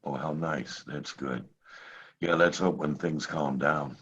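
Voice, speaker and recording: A man's voice: extremely low pitch, fairly even intonation, slow, fairly bright tone, breathy edge, lo-fi sound. A man from Pittsburgh hosting a poetry session, chatting in an easygoing, rambling way. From Pittsburgh, United States. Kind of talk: casual chat. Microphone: video call.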